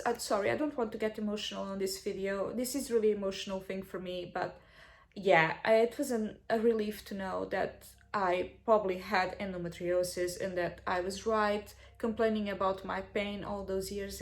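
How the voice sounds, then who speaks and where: A young woman vlogger telling a personal story in a halting, heartfelt way, often restarting and apologizing. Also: medium pitch, steady tone.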